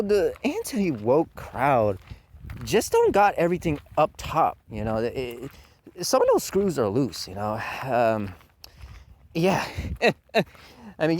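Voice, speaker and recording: A man with a medium-pitched, somewhat dark voice hosts a commentary channel. He delivers a heated, profane rant, mocking his critics by putting on silly voices.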